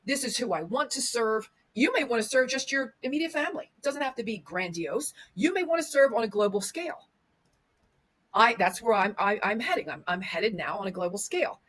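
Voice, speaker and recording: A woman's voice: a little high, slightly rough. A woman speaking as a podcast guest and media coach, giving motivational advice in an emphatic style with repeated lists and restarts. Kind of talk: motivational interview talk.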